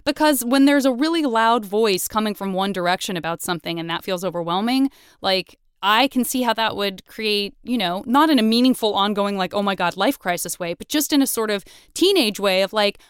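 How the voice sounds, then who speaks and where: Chatty woman host, smooth, dry studio sound. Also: mid-range voice, lively intonation, brisk, hardly any pauses, no room sound. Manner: chatty, thinks aloud, laughs often; slips into playful voices for imagined speech. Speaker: podcast host. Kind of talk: casual interview chat.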